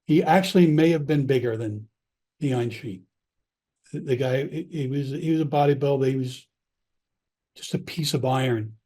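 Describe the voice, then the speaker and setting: A former police officer tells stories in a loose, conversational way. He backtracks, restarts his sentences and acts out other people's lines. His voice is mellow and relaxed, at a middling pitch. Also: moderate pace, long pauses, husky. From Long Island, New York. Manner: candid, rambling, with frequent restarts and quoted dialogue. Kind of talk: casual storytelling.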